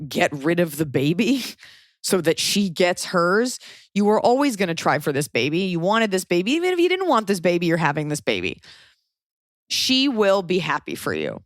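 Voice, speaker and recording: A woman's voice: on the low side, no echo, studio quality. A woman podcast host giving blunt, frank advice in casual chat, swearing freely and acting out quoted people. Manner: blunt, swears, animated quoting.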